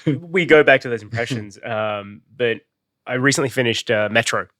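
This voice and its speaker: A podcast host chatting with a guest in a studio, eager and excitable, quoting himself and swearing for emphasis. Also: male voice, mid-range voice, moderate pace. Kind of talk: casual studio chat.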